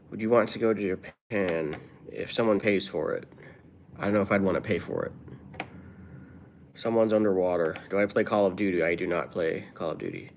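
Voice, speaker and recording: A man's voice: lowish voice, a little hiss or hum. A man livestreaming, reading viewers' comments aloud and answering them in a rambling, offhand way. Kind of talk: casual livestream chat.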